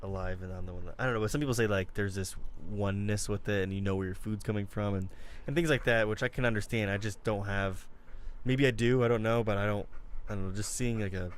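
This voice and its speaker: A man's voice: on the low side, steady tone, fast, few pauses, slight background noise. A man co-hosting a casual podcast, talking hesitantly with many fillers and laughs. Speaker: podcast co-host. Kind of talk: casual chat.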